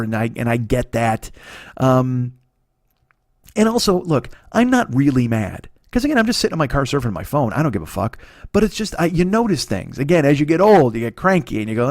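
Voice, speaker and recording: A man in his forties talks through a rambling, profane comedy monologue into a podcast mic. He is sick, so his voice comes out a bit hoarse and he sniffles between thoughts. His pitch sits in an ordinary middle range, and the room sound is dry and close. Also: lively intonation, fast talker, darkish tone, no echo. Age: 40s. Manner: rambling, profane, self-mocking. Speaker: podcast host.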